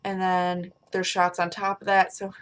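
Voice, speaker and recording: Young woman vlogger, rambly and casual, a touch low-pitched, talking into a webcam in a small bedroom. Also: monotone, moderate pace. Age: young adult. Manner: rambling, chatty, swears casually. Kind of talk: casual chat to camera.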